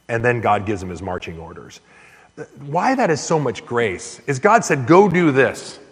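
Male pastor, mid-pitched voice, preaching with earnest build-ups, long hall reverb. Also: slightly rough. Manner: earnest, surges louder and higher on key points. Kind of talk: sermon.

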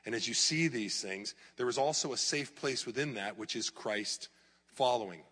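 A middle-aged male pastor preaching an animated sermon in a church, sometimes mocking clickbait headlines in a raised voice. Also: mid-range voice, moderate pace, breathy edge, big-room sound. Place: church hall.

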